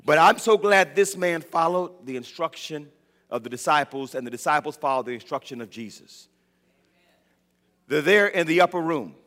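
Bright-voiced preacher in a ringing hall. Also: male voice, on the high side, animated, moderate pace. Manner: dramatic storytelling, swelling to shouts. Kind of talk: sermon. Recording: long reverb of a large hall.

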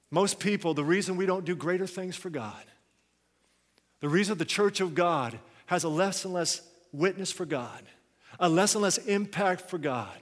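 A man preaches a sermon in a lively storytelling manner. He drops to low, quiet asides and then rises to loud, urgent exhortation. His fairly high voice carries a long hall reverb.

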